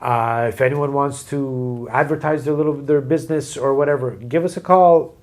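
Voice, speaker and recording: A man's voice: medium pitch, normal speed. Rambling joking male podcast host. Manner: rambling, joking, self-deprecating. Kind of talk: casual chat. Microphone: video call.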